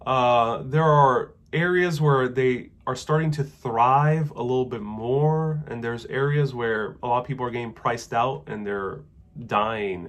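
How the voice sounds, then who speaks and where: A man hosting a casual live stream, answering viewer questions about travel in a relaxed, rambling way with many fillers. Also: mid-range voice. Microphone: wireless clip-on mic.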